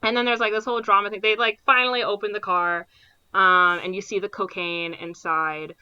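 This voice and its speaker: A woman co-hosting a podcast, casually retelling a movie plot with lots of fillers and quick impressions of the characters. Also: mid-range voice, clear, resonant tone, dull audio. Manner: animated retelling with frequent fillers and quoted impressions. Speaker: podcast co-host.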